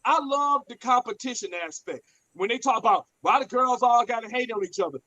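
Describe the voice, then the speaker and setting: A man's voice: very high-pitched, moderate pace, dull audio, slight background noise. A man, telling stories bluntly and profanely in a casual podcast chat. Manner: blunt, profane, animated storyteller.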